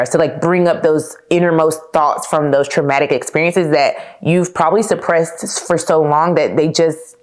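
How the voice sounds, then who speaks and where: Speaking in a low voice with a darkish tone, a young podcast host shares her personal story candidly and casually. She calls listeners "y'all," laughs now and then, and leans often on fillers like "like."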